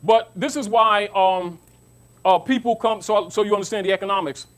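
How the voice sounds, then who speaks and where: Male lecturer with a high voice. Informal teaching talk to an audience. Emphatic and repetitive, keeps checking that listeners follow. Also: normal speed, a bit bright. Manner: emphatic, repeats himself, asks listeners if they understand.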